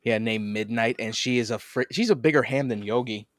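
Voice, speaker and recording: A man hosting a podcast in casual chat, an animated storyteller who swears and laughs often. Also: mid-range voice, brisk, dry recording, studio quality. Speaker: podcast host.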